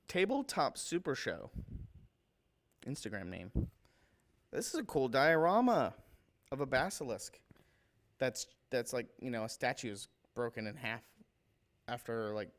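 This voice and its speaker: A man hosting a casual livestream, rambling with enthusiasm and tripping over names as he talks through fan work. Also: medium pitch. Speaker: livestream host showing painted miniatures.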